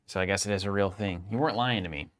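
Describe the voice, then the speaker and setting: A man's voice: low-pitched, racing, fairly bright tone. A young adult man co-hosting a livestream, joking around and greeting chat viewers as he chats casually. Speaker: stream co-host.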